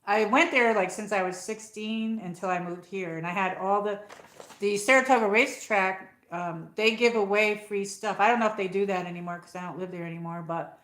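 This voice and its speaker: A woman with an upstate New York accent chats casually on a livestream, wandering from one thought to the next and answering her viewers' comments. Her voice sits at a middle pitch. She is recorded at home in an echoey room. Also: a little fast, fairly bright tone. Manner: rambling, chatty, reads out viewer comments. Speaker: livestream host. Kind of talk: casual live chat.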